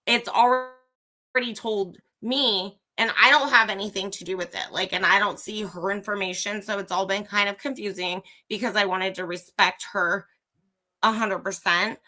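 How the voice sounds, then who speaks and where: A woman's voice: medium pitch, fairly even intonation, normal speed, sharp tone. A woman hosting a livestream, giving a blunt, profane opinion rant straight to her viewers. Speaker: livestream host. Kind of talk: ranting live commentary.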